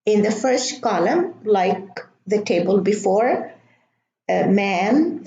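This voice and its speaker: A woman teaching English pronunciation, reading word lists aloud slowly and deliberately, with fillers now and then. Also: mid-range voice, expressive, warm tone. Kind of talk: slow classroom-style pronunciation lesson. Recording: roomy, dull lo-fi recording.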